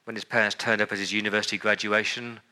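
A man's voice: on the low side, little pitch movement, fast talker, bright, forceful tone. A man preaching a sermon with emphatic delivery, repeating words and building lists for effect. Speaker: pastor.

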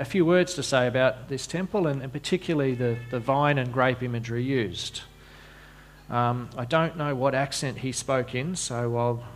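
A man delivers a sermon at an unhurried pace and a middling pitch. He often stumbles into repeated words before going on. Along the way he slips in dry, self-aware asides. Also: slight background noise. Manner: frequent repeated words and restarts, wry asides. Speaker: preacher.

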